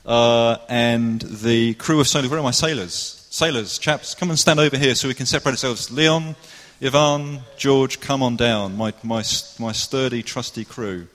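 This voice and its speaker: A man's voice: mid-range voice, moderate pace, a bit bright. A man cheerfully hosting a live drama presentation, playfully organizing the cast. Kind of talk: casual stage hosting. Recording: echoey hall.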